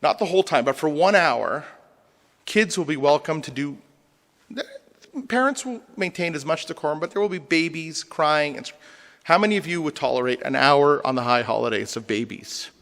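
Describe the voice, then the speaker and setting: A man's voice: on the high side, normal speed, fairly bright tone. A man, a rabbi, lecturing a congregation with humor and rhetorical questions. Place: synagogue hall. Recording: long hall reverb.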